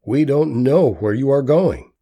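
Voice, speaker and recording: A man's voice: medium pitch, expressive, a little slow, breathy edge, highs cut off. A man voicing a puzzled, earnest male follower who questions in a raised voice.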